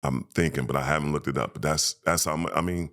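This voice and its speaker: A man, a former pro basketball player, telling emotional, animated stories as a podcast guest and acting out quoted voices. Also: very deep voice, fast talker. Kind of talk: casual storytelling interview.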